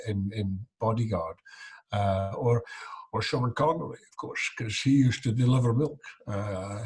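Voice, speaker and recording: A man's voice: fairly low pitch, darkish tone, slightly rough. A middle-aged man, a guest impressionist, telling anecdotes in casual interview chat, rambling with frequent restarts.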